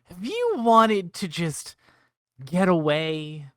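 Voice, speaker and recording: A man co-hosting a casual group podcast, joking around in a mock infomercial pitch. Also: big pitch swings, slow, dry recording, clean studio sound. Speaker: podcast co-host.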